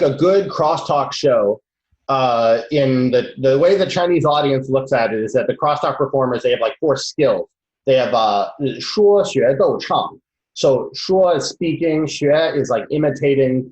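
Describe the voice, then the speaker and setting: A man from the United States talks as a comedian guest in a casual interview, animated and full of quick restarts. His voice sits at a middle pitch. The sound is roomy and a little dull, like a lo-fi room recording. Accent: Boston.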